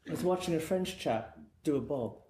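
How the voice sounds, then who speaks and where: A man's voice: on the high side, lively intonation, normal speed, dark tone. A middle-aged man from England, a guest hairdresser telling long rambling anecdotes in casual chat. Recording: echoey room with faint noise.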